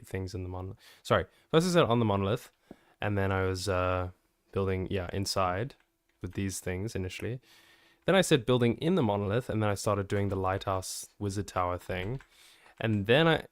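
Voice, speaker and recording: A man's voice: on the low side, clean tone, dry recording. Chatty man answering his stream chat. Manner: chatty, joking and reacting to viewer messages. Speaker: game streamer.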